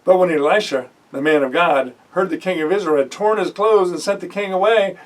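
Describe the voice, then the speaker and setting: Heard from a distance on a rough recording, a Bible teacher with a high-pitched, brisk male voice teaches a sermon. He reads scripture aloud, then pauses to comment conversationally, often using fillers and correcting himself.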